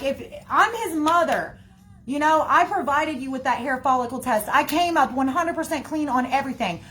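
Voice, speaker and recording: A woman's voice: high-pitched, fairly bright tone. A woman in her thirties speaking emotionally in a casual livestream, often calling her viewers y'all.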